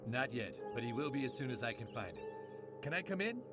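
A man's voice: medium pitch, fairly quick, loud music behind the voice, close to an everyday voice. A man voicing a bumbling, blunt middle-aged cartoon dad. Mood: deadpan. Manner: blunt, deadpan, then excitable. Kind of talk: cartoon voice acting.

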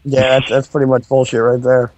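A man's voice: mid-range voice, little pitch movement, fairly quick, a little mellow, lo-fi sound, slight background noise. A man co-hosting a radio show, blunt and profane in casual chat. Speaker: radio co-host.

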